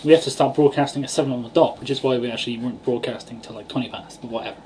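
A man's voice: mid-range voice, steady tone, racing, a little mellow. A young man in a mid-range voice, co-hosting a casual podcast. He keeps cutting in with jokes and teasing. A faint hiss runs under the recording. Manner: joking, teasing interjections. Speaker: podcast co-host.

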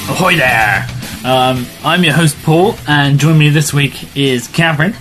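A man's voice: fairly high pitch, measured pace, over music. Joking male podcast host. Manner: jokey, slips into pirate talk. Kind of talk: casual podcast chat.

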